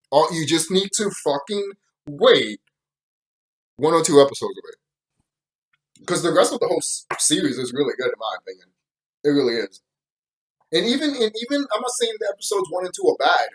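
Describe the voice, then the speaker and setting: A man's voice: a little high, low-quality recording. A man giving a casual, profane opinion commentary on a show, ranting with bursts of laughter. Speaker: YouTube show reviewer.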